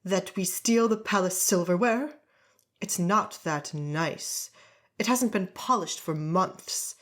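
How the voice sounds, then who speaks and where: A woman voicing a drunk, indignant nobleman who slurs his words and rants loudly. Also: mid-range voice, takes it slowly, natural voice. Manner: slurred, loud and indignant.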